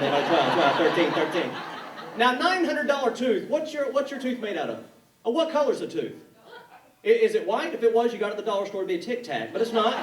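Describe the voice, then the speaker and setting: A man from North Carolina doing a stand-up comedy set, with a quick, punchy delivery and put-on voices. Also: extremely high pitch, background noise. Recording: echoey room, mic from a distance.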